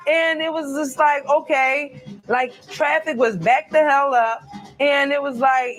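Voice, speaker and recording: A woman's voice: sits high, normal speed, faint music behind. A woman hosting a casual live stream from a cruise ship cabin, chatting loosely and talking straight to her viewers. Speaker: live-stream host reading viewer comments.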